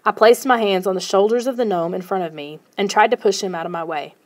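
A woman narrating a first-person children's novel in a steady storytelling manner. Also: medium pitch, fast talker. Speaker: audiobook narrator.

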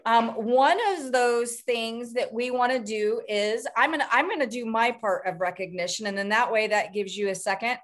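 A middle-aged woman hosts a motivational group coaching call. Her voice sits high, and her talk is upbeat and rambling, breaking into quick bursts. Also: steady tone, fairly bright tone.

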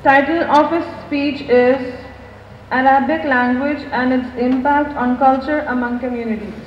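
A woman moderating a conference, making polite, brisk formal announcements. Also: high-pitched, fairly even intonation, slight background noise. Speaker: event moderator. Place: large lecture hall. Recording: echoey hall, dull sound.

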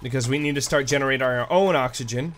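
A let's play gamer delivers casual, animated commentary, swearing freely and swinging between goofy outbursts and quiet mumbles. He speaks quickly at medium pitch.

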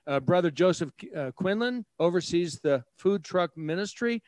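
A man working as auctioneer at a live charity auction, cracking jokes between items and breaking into a rapid bid chant. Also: sits high, lively intonation, a little mellow, no room sound. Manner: jokey, chatty asides, rapid bid chant.

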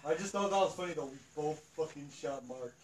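Loud swearing man at a game table. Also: fairly high pitch, a little fast, a crowd in the background. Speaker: board game player. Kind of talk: casual banter at a game table. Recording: echoey room, far mic, noisy.

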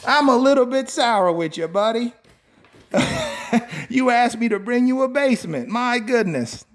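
A man's voice: very high voice, lively intonation, normal speed, no echo. A man hosting a casual live stream as a cabin salesman, playfully teasing a viewer, laughing often and repeating himself, with folksy sign-offs.

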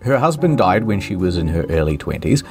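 A man's voice: very animated, brisk, creaky, soft background music. A man telling a comedic history story with playful, dramatic timing. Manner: dramatic, playful timing with big pitch swings. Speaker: host.

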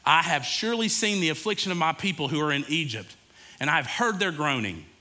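Preacher guy, bright slightly high voice, chatty sermon with asides to the crowd. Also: expressive, brisk. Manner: casual, conversational preaching with asides to the congregation. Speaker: pastor.

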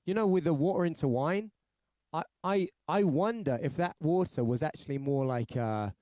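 London guy rambling on his livestream, jokey, bit of a higher voice, dry close sound. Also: moderate pace, mellow, no echo. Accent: London English. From London, England. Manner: rambling, jokey, chatty with many restarts. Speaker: singer-songwriter livestream host. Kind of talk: casual livestream chat and storytelling.

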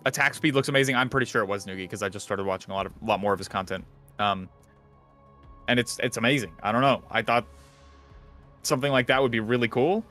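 Male podcast host, bright voice, rambling casual gamer chat, faint music under. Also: mid-range voice, fast. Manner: rambling, animated, swears casually. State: out of breath.

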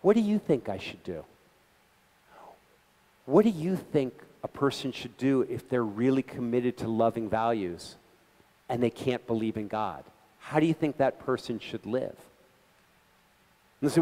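A middle-aged man giving an animated, conversational talk to a gathering, telling stories with quoted voices and frequent restarts. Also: medium pitch, measured pace, long pauses, long reverb tail. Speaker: guest speaker. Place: meeting hall.

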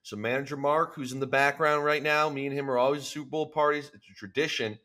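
A man's voice: medium pitch, steady tone, quick pace, sharp tone. A man from Canada hosting a podcast, bantering in a laid-back, joking way. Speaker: podcast host. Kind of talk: casual chat.

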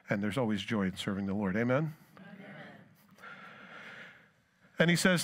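Earnest guy preaching at church, reads verses louder then just talks plain, restarts his words a lot. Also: on the low side, animated, moderate pace, pauses often. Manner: reads scripture aloud with rising force, then talks plainly. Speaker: pastor. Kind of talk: sermon.

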